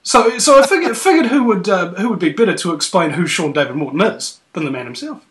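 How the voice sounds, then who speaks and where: A man's voice: high-pitched, animated, fast talker, a little hiss or hum. A man hosting a casual radio talk show, joking and ranting theatrically. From New Zealand. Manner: jokey, rambling, theatrical rants. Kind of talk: casual conspiracy radio chat.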